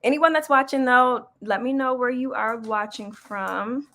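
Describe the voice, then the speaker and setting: A woman's voice: fairly high pitch, a little slow, fairly bright tone. Chatty woman hosting a casual livestream. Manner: chatty, loose, breaks off mid-stream, laughs often. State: out of breath. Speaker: livestream host and small business coach.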